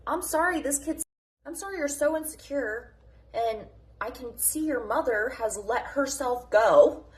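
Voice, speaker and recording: A woman's voice: sits high, expressive, measured pace. A woman delivering a passionate, unscripted morning rant as a mom vlogger. She is blunt, combative and full of swearing, and she jumps from topic to topic.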